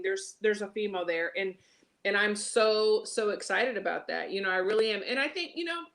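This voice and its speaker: A woman hosts a relaxed talk show. She talks in an animated way, loose and full of fillers. Her pitch sits in an ordinary middle range. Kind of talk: casual chat.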